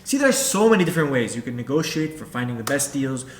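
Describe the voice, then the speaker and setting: A man's voice: mid-range voice, sing-song, fast talker, a little hiss or hum. A man coaching beginners as a real estate investor, talking straight to the viewer and repeating his points. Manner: direct, repetitive, addresses viewer as you. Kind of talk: instructional talk to camera. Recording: echoey room with faint background ambience.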